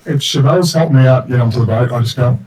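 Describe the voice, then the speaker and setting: A man's voice: mid-range voice, fast, darkish tone, breathy edge, far from the mic, rough recording. A man playing in a tabletop game, describing his character's actions in a rambling way that keeps correcting itself. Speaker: player. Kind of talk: casual tabletop play chat.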